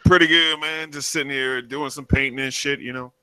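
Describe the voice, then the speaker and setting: Bright, crisp-voiced laid-back man. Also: mid-range voice, steady tone, brisk, no echo. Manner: laid-back, profane, joking. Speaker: guest painter calling in. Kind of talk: casual chat.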